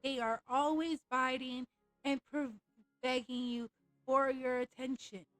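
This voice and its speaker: A woman's voice: high-pitched, steady tone, unhurried, dry recording, soft background music, poor audio. A woman streamer ranting in a casual, blunt and profane way over a live game stream.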